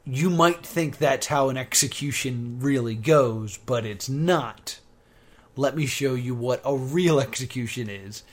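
A man casually recapping a TV episode with a co-host, animated when quoting scenes. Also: mid-range voice, unhurried. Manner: animated retelling, bursts into loud quoted exclamations. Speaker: podcast co-host. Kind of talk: casual chat recapping a TV show.

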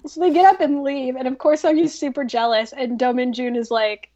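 A woman's voice: high-pitched, fairly even intonation, a little fast, dark tone, highs cut off. A woman hosting a podcast, recapping a drama in a chatty, filler-heavy way. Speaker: podcast host. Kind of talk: casual drama recap chat.

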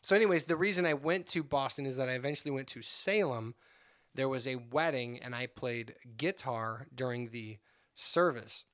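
A man co-hosting a podcast in casual chat, an animated storyteller who slips into voices of people in his anecdotes. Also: medium pitch, normal speed. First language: not given; says he is bilingual, trilingual. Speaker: podcast co-host.

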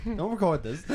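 A man with a Boston accent co-hosting a podcast, rambling casually and laughing often. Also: high-pitched. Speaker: podcast co-host. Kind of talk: casual chat.

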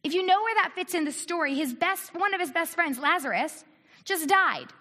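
A woman from the United States preaching a sermon, animated, asking rhetorical questions and acting out quoted voices. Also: extremely high pitch, normal speed. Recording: long reverb of a large hall.

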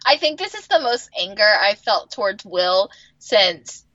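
Exasperated woman co-host, lively voice. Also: a little slow, no echo, lo-fi sound. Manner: exasperated, swears, lively pitch swings. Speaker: podcast co-host. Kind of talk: casual chat recapping a TV episode.

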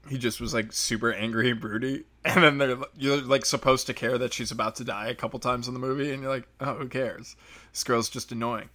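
A young man giving a casual, profane movie review rant, mocking characters in quick quoted voices. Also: medium pitch, fairly even intonation, bright, forceful tone.

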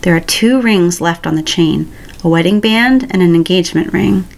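A woman reading a romance story aloud in a calm, even storytelling voice. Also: lowish voice, moderate pace, gravelly. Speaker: story reader. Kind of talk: reading fan fiction aloud.

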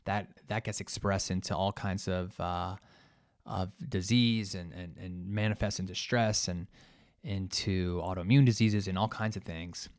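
Earnest low-voiced man reflecting, dry sound. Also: fairly even intonation, unhurried, no room sound. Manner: earnest, thoughtful, searching for words. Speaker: podcast host and coach. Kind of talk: solo reflective podcast talk.

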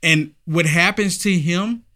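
A man's voice: high-pitched, slow, sharp tone, dry recording, studio quality. A man hosting a political commentary show, emphatic, repeating himself and asking rhetorical questions. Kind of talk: opinionated commentary.

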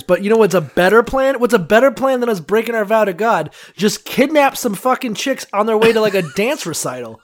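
A man co-hosting a podcast in casual, profane, comedic chat, often acting out quick voices. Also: high voice. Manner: animated, swears a lot, acts out voices. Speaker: podcast co-host.

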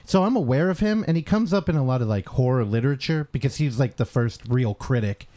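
A man's voice: mid-range voice, expressive, brisk, dark tone. Easygoing male co-host with dry replies. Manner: easygoing, laughs along, dry short replies. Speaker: podcast co-host. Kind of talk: casual chat.

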